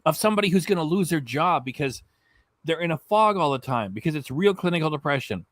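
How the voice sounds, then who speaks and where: A man's voice: on the high side, expressive, fast, a bit bright, no room sound. A man giving mocking, profane reaction commentary on a video he is watching. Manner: scornful, profane.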